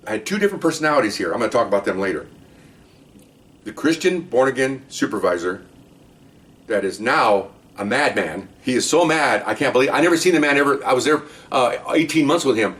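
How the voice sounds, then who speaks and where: An older man, a retired undercover police officer, telling stories from his past cases in a casual, animated way and acting out the dialogue. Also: medium pitch, fairly quick. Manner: animated, acts out the dialogue in raised voices. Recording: voice distant from the mic.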